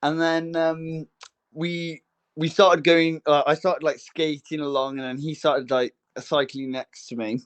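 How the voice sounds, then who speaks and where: A man's voice: a little high, little pitch movement, measured pace, clean tone. A young man, co-hosting a casual chat and telling a long rambling story full of fillers and restarts. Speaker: podcast co-host.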